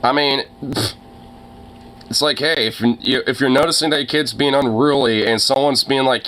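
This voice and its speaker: Forceful, profane young man ranting. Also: medium pitch, steady tone, normal speed. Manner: heavy fillers and swearing, exasperated. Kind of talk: casual profane rant.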